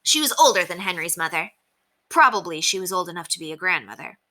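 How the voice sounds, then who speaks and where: A woman teacher reading a children's chapter book aloud in an expressive storytelling manner. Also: lowish voice, fast talker.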